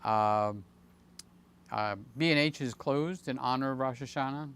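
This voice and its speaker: A man in his late sixties hosting a casual livestream, chatting in a rambling, jokey way with many fillers and sudden excited jumps. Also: medium pitch, measured pace, smooth. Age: 60s. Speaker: channel host.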